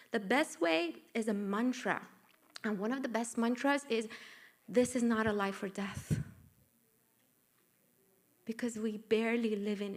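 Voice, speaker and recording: A middle-aged woman with a Persian accent giving a lively talk at her book launch, coaxing the audience and asking for agreement. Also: fairly high pitch. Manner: animated, coaxing, asks the room for agreement. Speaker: author and workshop speaker. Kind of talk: live book launch talk with group exercises. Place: event room with live audience.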